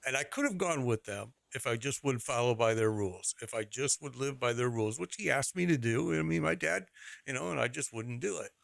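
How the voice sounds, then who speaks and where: A man's voice: medium pitch, animated, a little fast, gravelly, fairly bright tone, no room sound. A middle-aged man streaming, telling a rambling personal story in casual talk, repeating phrases and laughing as he goes.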